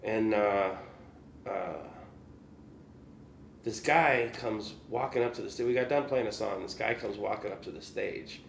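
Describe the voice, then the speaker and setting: A man's voice: lowish voice, a little slow, gravelly, pauses often, a little hiss or hum. A male guest musician telling gig stories in a casual, rambling way, full of "you know" fillers and chuckles. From Chicago area, US. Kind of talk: casual storytelling. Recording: roomy echo.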